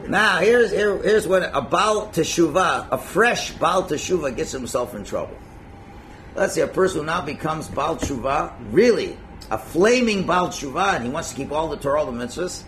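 A man teaching a religious class in a lively, conversational way, acting out little scenes and chuckling at his own points. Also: a little high, moderate pace, a little hiss or hum. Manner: animated, acts out quotes, chuckles at own points. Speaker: Torah teacher.

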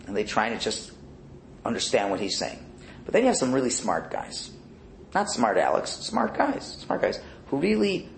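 A man teaching a Torah class in a conversational, animated way, sometimes dropping to a near-whisper. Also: medium pitch, gravelly. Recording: echoey room with faint background noise.

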